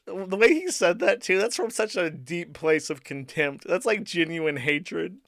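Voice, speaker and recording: A man's voice: sits high, expressive, takes it slowly, a bit bright, dry recording, clean studio sound. A man hosting a casual commentary stream, cursing often and reacting with incredulous indignation. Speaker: host.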